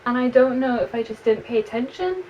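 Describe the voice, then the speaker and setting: A woman's voice: on the high side, animated, fairly quick, darkish tone, lo-fi sound. A young woman with an English accent, chatting expressively through a book review and reading passages aloud, with frequent "like" fillers. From England. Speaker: book vlogger. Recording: slightly distant mic with faint room noise.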